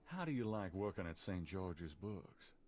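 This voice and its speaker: Give me a teasing, flirty bookshop-owning writer from a game, with a very low voice. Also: male voice, big pitch swings, measured pace, darkish tone, faint music behind. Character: flirty, lazy male writer running a bookshop. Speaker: game character. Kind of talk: voiced adventure game dialogue.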